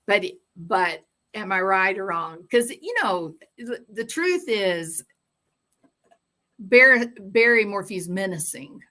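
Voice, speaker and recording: A woman's voice: medium pitch, animated, slow pace, bright, forceful tone. A woman hosting a true-crime livestream, chatting casually and reading viewer comments with sarcastic, rambling asides.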